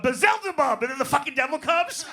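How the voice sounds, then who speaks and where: A man's voice: high voice, very animated, moderate pace, sharp tone, slight background noise. A man doing a profane, brash stand-up set in a comedy club, working the crowd. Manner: profane, brash, riffs on audience.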